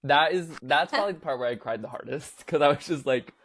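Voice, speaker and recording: A young man co-hosting a casual podcast, telling a lively story with lots of fillers and acting out what people said. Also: a little high, fast talker. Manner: animated storyteller, acts out quotes in voices, many fillers. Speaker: podcast co-host.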